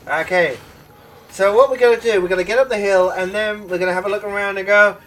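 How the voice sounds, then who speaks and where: A man giving casual gameplay commentary, excitable and swearing, with sudden shouts and laughs. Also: high voice, quick pace, distant mic, slight background noise, rough recording. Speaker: gaming video host.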